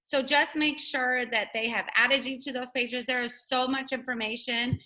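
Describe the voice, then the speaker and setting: A woman's voice: sits high, steady tone, normal speed, bright, forceful tone, poor audio. A woman hosting a casual team video call, chatty and upbeat, laughing often.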